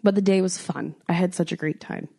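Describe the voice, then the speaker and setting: A young American woman chatting on a podcast, telling a story and acting out what people said. She swears freely, and her pitch leaps up whenever she quotes someone. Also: steady tone, a little fast, gravelly, warm tone, slightly rough. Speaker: podcast co-host. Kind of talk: casual chat.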